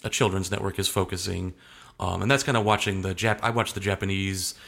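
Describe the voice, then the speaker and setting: A man's voice: low voice, fairly even intonation, a little fast, gravelly, a bit bright. A young adult man talking casually as an interview guest, rambling and hesitant, often restarting his sentences.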